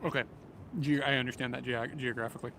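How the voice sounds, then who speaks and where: Casual male streamer, gravelly voice, rambling outdoor chat over loud street and train noise. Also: mid-range voice, fast. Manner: relaxed, rambling, chuckles often. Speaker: livestreamer. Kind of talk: casual livestream chat, reading viewer comments. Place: outdoors in a city, near train tracks. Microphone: small camera-mounted mic. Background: passing vehicles and trains.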